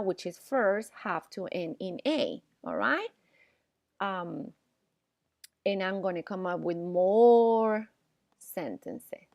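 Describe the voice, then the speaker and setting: Slow-paced, patient woman language teacher. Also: mid-range voice, lively intonation, creaky, a little mellow, dry recording, clean studio sound. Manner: patient, checks in often with "okay?" and "all right?"; casual, slightly ungrammatical English. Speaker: Spanish teacher. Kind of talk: recorded classroom lesson.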